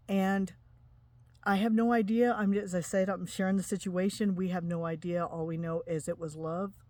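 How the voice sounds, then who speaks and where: A woman's voice: lowish voice, dark tone, no echo. Earnest woman sharing a spiritual story. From Utah, USA. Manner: earnest, emotional, halting with restarts. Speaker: spiritual vlogger. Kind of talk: personal testimony to camera.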